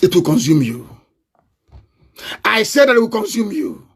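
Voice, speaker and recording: A man's voice: sits high, very animated, normal speed, vocal fry, husky. A man with a Nigerian accent, speaking in a fiery, confrontational live online broadcast and breaking into mocking laughter. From southeastern Nigeria.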